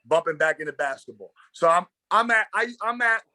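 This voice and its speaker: Brooklyn man, New York accent, guest coach spinning animated, slang-heavy stories in a casual interview, slightly high voice, close dry sound. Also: brisk, no echo. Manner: animated, slangy storyteller acting out dialogue.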